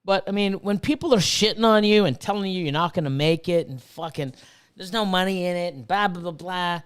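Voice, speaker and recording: On his livestream, a fifties-aged snake breeder reads viewers' messages aloud while ranting and swearing freely in a casual way. His high-pitched voice is smooth and fairly bright, moving a little fast.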